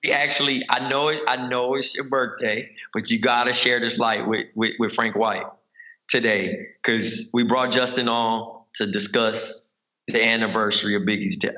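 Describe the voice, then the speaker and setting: A podcast host with a bright, forceful voice and an easy, slangy way of talking. He keeps the chat moving in a relaxed manner. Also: medium pitch, moderate pace, lo-fi sound. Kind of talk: casual chat.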